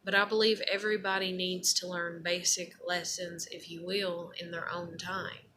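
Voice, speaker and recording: A woman's voice: on the low side, slight background noise. A woman giving an earnest, rambling personal talk in an unscripted monologue. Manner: earnest, rambling, turns loud and emotional when acting out despair.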